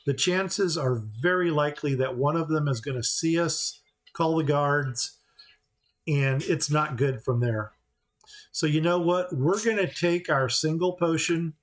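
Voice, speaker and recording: A man giving relaxed, step-by-step commentary on a game playthrough. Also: a little high, poor audio. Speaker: gaming channel host.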